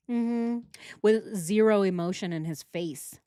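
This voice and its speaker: A woman's voice: mid-range voice, normal speed, dark tone, clean tone, no echo, clean studio sound. A woman doing true crime reaction commentary, indignant and conversational, and often asking her viewers questions. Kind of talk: reaction commentary over video.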